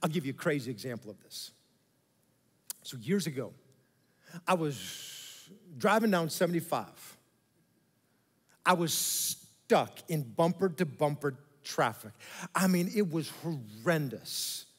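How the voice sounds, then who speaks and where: A high-voiced man preaches to his congregation in a big church hall, and his voice rings with a long reverb. He tells an animated story, slipping into mock voices and turning often to the crowd with asides. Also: takes it slowly, pauses often, slightly rough. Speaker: pastor. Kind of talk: sermon.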